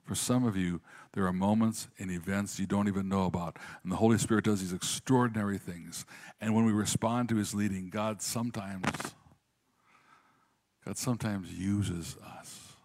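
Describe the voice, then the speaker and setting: A pastor preaching to a congregation, telling a story with lively quoted voices and then speaking more quietly and earnestly. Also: male voice, fairly low pitch, a little fast, no room sound. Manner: animated storytelling, raises voice for quoted prayers. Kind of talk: sermon with storytelling.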